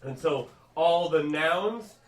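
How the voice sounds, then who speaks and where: A man's voice: on the high side, takes it slowly, far from the mic. A man doing a stand-up comedy set, working the crowd with punchy, profane storytelling. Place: comedy club stage. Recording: roomy live club sound from off-mic.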